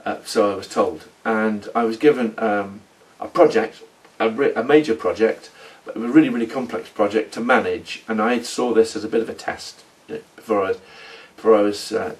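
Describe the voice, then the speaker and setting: A middle-aged man telling his story in a rambling, halting role-play monologue. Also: lowish voice, far from the mic. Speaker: former oil company manager in a role-play.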